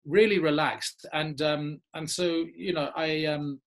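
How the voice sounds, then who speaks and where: An English man, an actor, telling lively anecdotes in a casual interview and laughing often. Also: fairly high pitch, a little slow. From England. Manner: animated storyteller, laughs often. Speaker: actor guest.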